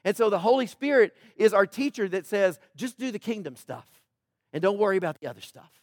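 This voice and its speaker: A man pastor delivers a sermon in a high, bright voice, caught close and dry. He talks to the congregation casually, joking, then pushes hard with loud pleas before dropping to quiet emphasis. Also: animated, brisk, no echo. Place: church.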